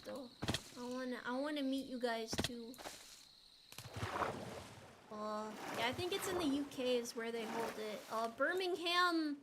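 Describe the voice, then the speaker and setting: Against a noisy background, a high-pitched American woman streams a game. Her chat is casual and playful, full of giggles and chat messages read aloud.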